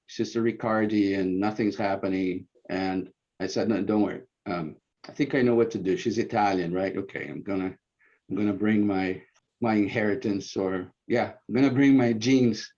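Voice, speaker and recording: A man, a former bishop, telling stories at a church gathering in a casual, animated way, acting out quoted lines loudly. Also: lowish voice. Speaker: former bishop sharing ward memories. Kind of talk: informal reminiscing talk. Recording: muffled lo-fi recording.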